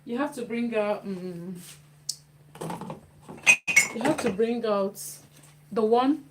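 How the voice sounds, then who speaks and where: Woman, unhurried cooking-vlog chat, repeats herself while stirring, noisy kitchen with clicks behind. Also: a little high. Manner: chatty, repeats phrases while working. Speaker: cooking vlogger. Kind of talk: casual cooking demonstration. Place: home kitchen.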